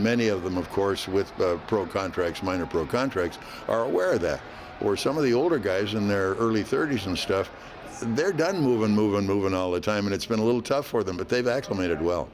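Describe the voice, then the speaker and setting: An older man, a veteran hockey announcer, telling stories in an interview in a folksy, unhurried way with frequent fillers. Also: on the low side, lively intonation, darkish tone, slight background noise. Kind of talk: relaxed interview storytelling.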